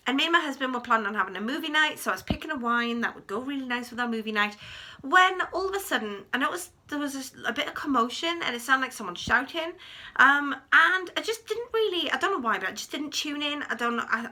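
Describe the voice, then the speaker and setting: A woman in her thirties telling a personal story to camera in a chatty, animated way, acting out what people said. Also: high voice. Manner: chatty, animated retelling with acted quotes. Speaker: vlogger. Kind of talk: storytime vlog.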